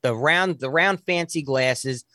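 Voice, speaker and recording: A man in his forties telling a story in casual talk, animated and often restarting his sentences. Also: on the high side, a little slow, dry recording, studio quality. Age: 40s.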